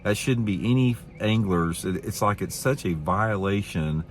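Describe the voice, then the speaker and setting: A man's voice: fairly low pitch, lively intonation, a little slow, a little hiss or hum. A man hosting a fishing channel, telling a story in a casual, rambling way, often repeating himself and sounding indignant. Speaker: fishing show host.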